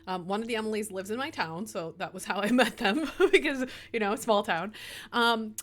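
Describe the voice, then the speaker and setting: A woman's voice: medium pitch, moderate pace. Chatty woman romance author. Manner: enthusiastic, emotional, chatty. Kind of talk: casual podcast chat.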